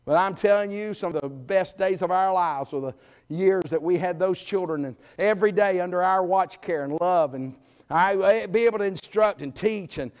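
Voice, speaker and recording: A middle-aged man preaching a sermon in a church, folksy and emphatic, swinging between loud calls and quiet asides. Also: sits high, normal speed. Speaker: guest preacher. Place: church sanctuary.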